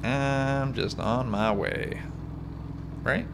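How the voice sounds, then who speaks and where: A man's voice: medium pitch, extremely slow, heavy background noise. A man giving sarcastic let's-play commentary and talking back at game characters. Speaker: gaming YouTuber. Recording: game music behind voice.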